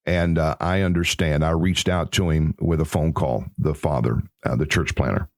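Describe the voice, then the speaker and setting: A man's voice: rumbling low, fairly even intonation, moderate pace, no echo, studio quality. A man hosting an inspirational Christian podcast, speaking earnestly in a preacherly way and drawing words out. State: emotional. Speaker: podcast host.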